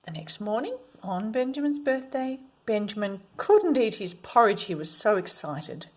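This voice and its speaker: A woman reading a children's picture book aloud, expressive, at times dropping to a whisper. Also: mid-range voice, moderate pace. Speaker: storyteller.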